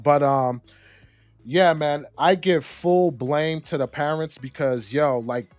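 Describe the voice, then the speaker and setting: A young adult man co-hosting a casual discussion, talking in an animated way with slang and repeated words. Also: a little high, slow, no echo, faint music behind. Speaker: podcast co-host.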